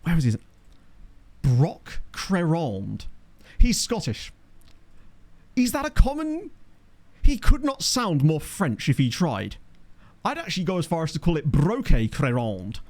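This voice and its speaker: A man's voice: high voice, sing-song, moderate pace, long pauses. A man talking casually as a let's play host, chatting and thinking aloud while he answers viewer questions from his home office on a desktop condenser mic. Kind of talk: casual gameplay commentary reading chat. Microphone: desktop USB condenser mic.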